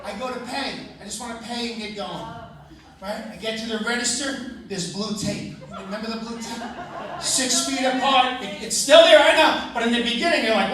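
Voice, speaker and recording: Exasperated stand-up comic in an echoey room. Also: male voice, very high-pitched, animated, brisk, sharp tone. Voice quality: storytelling, crude and exasperated. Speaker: stand-up comedian. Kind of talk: stand-up comedy set. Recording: echoey live room from far off, crowd noise.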